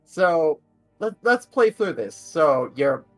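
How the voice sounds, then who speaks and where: A player at a tabletop game thinks out loud in halting bits. Their pitch moves up and down with real life. Quiet music runs behind. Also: very animated. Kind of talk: casual table talk between players.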